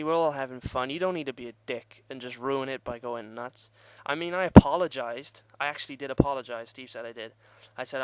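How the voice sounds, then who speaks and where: A man's voice: mid-range voice, darkish tone, clear, resonant tone, dry recording. A young man telling a rambling, profane party story in casual vlog style and laughing at himself. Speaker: vlogger.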